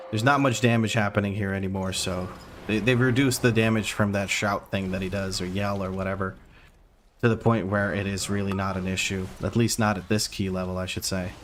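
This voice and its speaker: A man's voice: low voice, fairly even intonation, brisk, a little hiss or hum. A man streaming a game, giving running play-by-play with wry asides to his chat. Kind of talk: live gameplay commentary.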